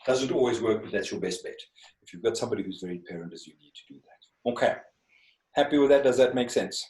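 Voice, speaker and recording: This online communication skills teacher has a medium-pitched, slightly mellow voice that's animated and fast. Recorded over a video call in an echoey room, he keeps asking his listeners rhetorical questions.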